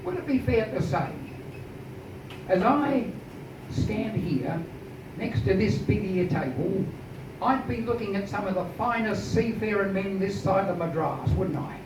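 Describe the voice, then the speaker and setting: A man's voice: sits high, expressive, measured pace. A man voicing a portly, scheming colonial shipping man who talks in a showy, coaxing way. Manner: showy, coaxing, slyly persuasive. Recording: echoey, distant, dull noisy room recording.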